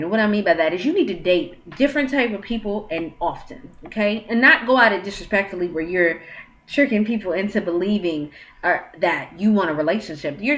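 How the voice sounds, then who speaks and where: A woman in her thirties talks straight to camera at home, giving dating advice. Her voice sits at an ordinary middle pitch. She is frank and chatty, acting out conversations and firing off blunt questions. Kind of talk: casual advice monologue. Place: at home, with her child nearby.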